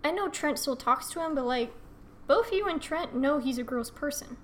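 A young woman with a high voice co-hosts a podcast in loose, casual chat. She tells stories bluntly and swears freely, without holding back. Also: animated, moderate pace, a little hiss or hum. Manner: frank, profane storytelling. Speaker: podcast co-host.

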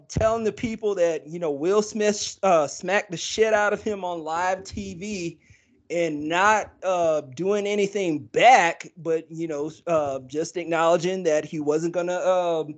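A man's voice: sits high, takes it slowly. A man co-hosting a podcast, talking casually and rambling with many fillers and restarts. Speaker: podcast co-host. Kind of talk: casual chat.

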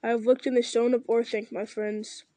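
A woman voicing a noble, weary male ranger-king in a solemn, measured reading with small slips. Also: on the high side, little pitch movement, mellow, no room sound, lightly acted.

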